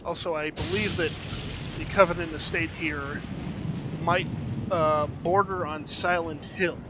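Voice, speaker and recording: Here a streamer gives let's-play commentary in an unhurried, chatty, wry way, dropping plenty of ums and uhs. The man's voice is a little high with fairly even intonation, over a noisy background.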